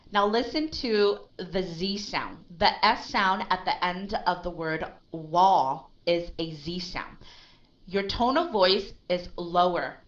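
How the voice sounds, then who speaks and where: A woman's voice: lowish voice, a bit bright, lo-fi sound. A woman teaching English one-on-one, emphatic and always checking with "right?". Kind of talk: one-on-one language lesson.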